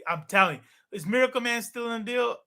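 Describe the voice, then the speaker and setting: A man in his thirties telling stories in a casual chat, animated, swearing and acting out what people said. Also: very high voice, fast talker. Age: 30s. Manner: animated, swearing, acts out quoted dialogue. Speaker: podcast guest.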